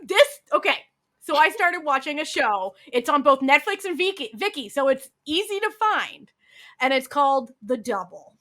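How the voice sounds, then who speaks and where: A podcast co-host recounts a drama's plot in casual chat, acting out the characters' lines, swearing, and saying "like" a lot. She speaks at a moderate pace in a high-pitched voice.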